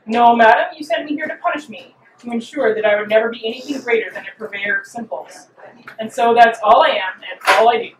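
A woman's voice: fairly high pitch, a little fast, distant mic, slight background noise, close to an everyday voice. A woman voicing a weary old witch and herbalist who speaks with earnest, resentful defiance, read aloud at a live reading. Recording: roomy hall, mic from afar.

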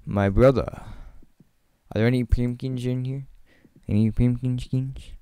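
Mellow-voiced man chatting over gameplay. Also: mid-range voice, steady tone, unhurried, smooth, no echo. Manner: chatty, jokey, laughs often; rambling, talks to viewers directly. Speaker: gaming channel host. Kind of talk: casual gameplay commentary.

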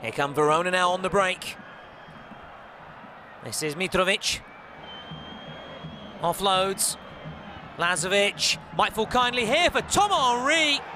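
A male commentator with a very high, ringing voice voices match highlights. He takes his time between passes, naming players one by one, then climbs into shouts when the ball goes in. Faint crowd noise sits under the call. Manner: calls play by play, rising to shouts at goals. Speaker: football commentator.

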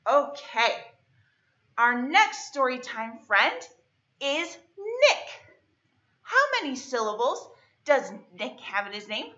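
A woman librarian leading a children's storytime lesson, speaking in a cheerful sing-song teacher voice and slowly drawing out words as she claps their syllables. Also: sits high, very animated, sharp tone, muffled recording. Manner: slow, exaggerated clapping of syllables.

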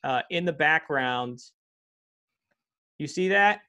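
A man's voice: fairly high pitch, animated, slow pace, pushed and bright, clean tone, muffled recording. Chatty man hosting a video call. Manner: chatty, laughs easily, rambling asides. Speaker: podcast host and teacher. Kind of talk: casual video-call interview.

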